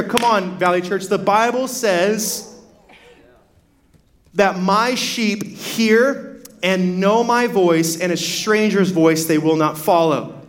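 A man's voice: high-pitched, slow pace. A young adult man, a pastor, preaching a sermon in a casual storytelling way, full of "like" fillers and restarts.

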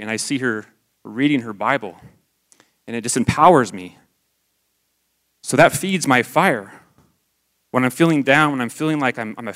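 A man's voice: mid-range voice, fairly bright tone. A man in his forties giving a candid, conversational testimony sermon to his church. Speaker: lay church speaker.

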